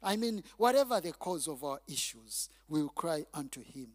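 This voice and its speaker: A male pastor preaching a sermon in a call-and-response style, with halting restarts and repeated words, then surging loud on key phrases. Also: on the high side, big pitch swings.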